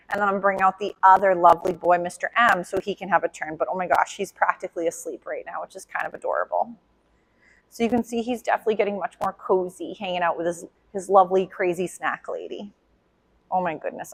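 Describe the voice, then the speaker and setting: A woman dog trainer explaining a training session in a casual, chatty way, often voicing the dog's thoughts. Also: mid-range voice. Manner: chatty, warm-hearted with the dog, voices his thoughts softly. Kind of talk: casual instructional talk.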